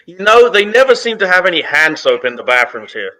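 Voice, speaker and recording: A man playing as a comedian panelist on a comedy game show, firing off blunt, dark one-liners. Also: high voice, very animated, brisk, crowd noise, poor audio.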